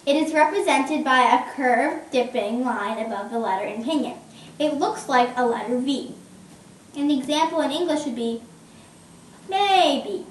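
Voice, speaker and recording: Very high bright woman talking slow, far off in an echoey room. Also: a little hiss or hum. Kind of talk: classroom presentation.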